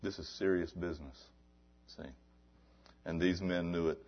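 A low-voiced man preaching a fiery sermon, slipping from hushed, dropped asides into loud shouted appeals. He presses his point with repeated rhetorical questions. The recording is dull and lo-fi. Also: steady tone, normal speed. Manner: swings from low murmurs to loud shouted exhortation.

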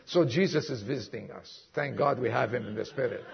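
A man preaching a sermon to a congregation, emphatic, acting out dialogue and dropping suddenly to a hush. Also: mid-range voice, brisk, creaky, muffled recording. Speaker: pastor. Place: church congregation.

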